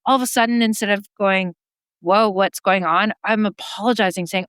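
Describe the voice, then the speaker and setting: Woman guest from canada, middle-aged, animated storyteller, mid-pitched, dry close mic. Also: moderate pace, smooth, no echo. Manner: animated, acts out quotes of herself. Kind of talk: candid personal storytelling.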